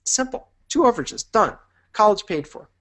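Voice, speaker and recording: A man's voice: high voice, big pitch swings, normal speed, fairly bright tone. A man teaching a business course in an upbeat, encouraging way, painting vivid imagined scenes for the listener. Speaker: business instructor. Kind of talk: motivational teaching talk.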